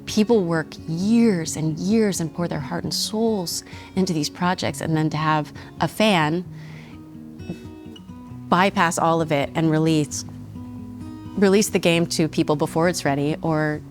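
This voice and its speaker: A woman's voice: deep voice, a little slow, faint music behind. A woman from Texas, a voice actress, chatting animatedly over a meal as a guest in a studio kitchen and laughing often. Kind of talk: casual interview over a meal.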